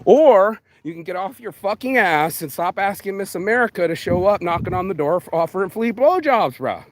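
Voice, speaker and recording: A man's voice: high voice, very animated, moderate pace, a little hiss or hum. A man vlogging outdoors while picking up litter, ranting bluntly and profanely in streetwise slang, calling everyone bro. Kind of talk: ranting walk-and-talk vlog.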